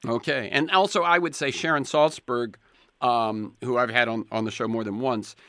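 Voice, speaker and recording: A man's voice: mid-range voice, moderate pace, fairly bright tone, smooth, dry recording, clean studio sound. A man in his seventies hosting a podcast interview, telling stories in a rambling way with frequent restarts. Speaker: podcast host. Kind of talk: conversational interview.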